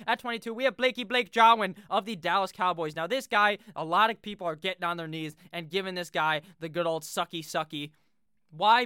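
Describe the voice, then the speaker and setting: A man's voice: high-pitched, pushed and bright, clean tone, no room sound, clean studio sound. A young man hosting a fantasy football rankings video, talking casually and brashly, joking and swearing freely.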